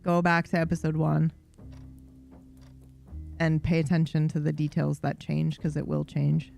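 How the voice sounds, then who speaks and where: A woman's voice: low-pitched, monotone, measured pace, gravelly, darkish tone, faint music behind. A woman livestreamer in casual chat, rambling and swearing freely with a self-deprecating streak.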